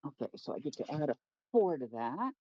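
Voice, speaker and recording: A man talks his way through his turn in a tabletop game, stopping and repeating words as he goes. His voice sits fairly high and moves a lot, and the recording is dull and lo-fi. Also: sing-song, darkish tone, a little hiss or hum. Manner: halting, repeats words as he works things out. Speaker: player. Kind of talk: casual tabletop game chat. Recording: dull lo-fi sound.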